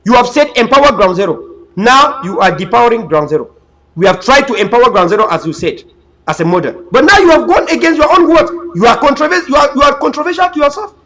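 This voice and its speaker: Talking fast with lively intonation, a political commentator whose male voice is extremely high and sharp makes an impassioned, preachy political case. He hammers his points with repetition and frequently stumbles, stammering and starting over. The recording is rough.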